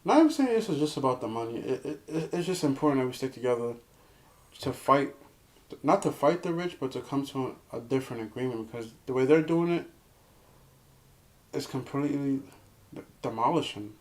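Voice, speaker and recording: A young man guesting in a casual chat, speaking earnestly and haltingly, often repeating words as he restarts. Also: mid-range voice, lively intonation.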